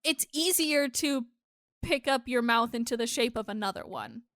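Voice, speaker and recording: High, lively woman with blunt, profane banter. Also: moderate pace. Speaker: podcast co-host. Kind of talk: casual podcast chat.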